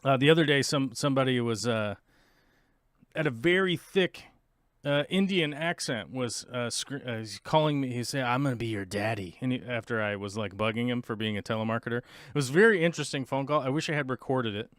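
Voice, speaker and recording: A rambling man chatting casually as a show host, his voice smooth and resonant. The sound is dry and close, with no room around it. He drifts between topics and pokes fun at himself. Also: mid-range voice, brisk, fairly bright tone, no echo. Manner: rambling, chatty, self-mocking. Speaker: podcast host. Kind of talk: casual livestream chat.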